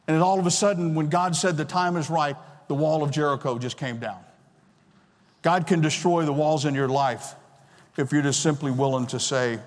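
A man in his sixties preaching a sermon as pastor, emphatic and repeating key phrases. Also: on the high side. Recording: long reverb of a large hall.

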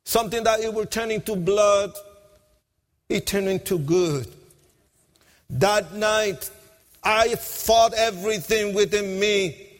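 A man giving an emotional testimony sermon, impassioned, swinging between hushed and shouted lines, with nonstandard grammar. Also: high-pitched, slow pace, pauses often. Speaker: preacher giving his testimony. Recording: long hall reverb.

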